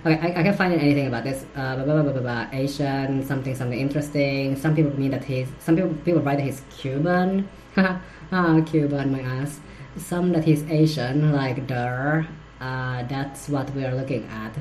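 A woman with a low voice hosts a solo commentary show. She rambles crudely, with frequent giggles, fillers and restarts. A faint noise sits under her voice. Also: normal speed, darkish tone, low-quality recording. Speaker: podcast host.

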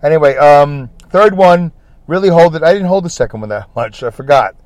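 A man's voice: a little high, expressive, brisk, darkish tone, dry recording. Brooklyn-accented male podcast host, chatty and self-mocking, in a parked car, dry sound. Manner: chatty, repetitive, self-deprecating. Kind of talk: rambling solo podcast monologue.

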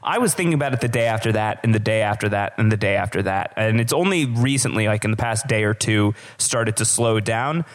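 A man's voice: on the low side, lively intonation, fairly quick, few pauses. Rambling male podcast co-host. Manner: rambling, many restarts and fillers. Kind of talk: casual podcast discussion.

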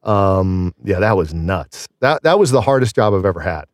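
A man's voice: deep voice, expressive, normal speed, dry recording, clean studio sound. A man in his thirties or forties, a singer and voice actor, chatting casually and telling rambling, self-deprecating stories. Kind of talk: casual podcast chat.

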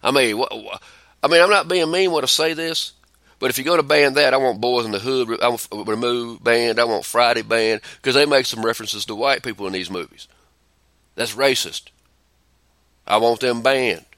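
A man's voice: mid-range voice, a little fast, pushed and bright, no echo. A middle-aged man, a podcast co-host telling rambling stories in blunt, profane casual chat.

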